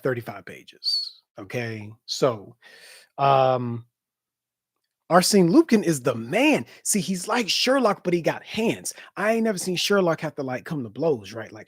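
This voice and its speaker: A man chatting casually after a live book reading, excitable and slangy, breaking into animated bursts. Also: a little high, unhurried, breathy edge, no echo, clean studio sound. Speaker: live-stream book reader.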